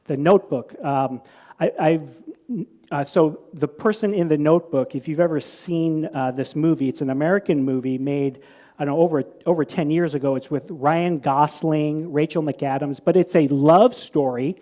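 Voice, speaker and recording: A man's voice: a little high, moderate pace, warm tone. A man giving a conversational sermon to a live audience, telling stories with many restarts and repeated words, then putting questions to the listeners. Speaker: preacher.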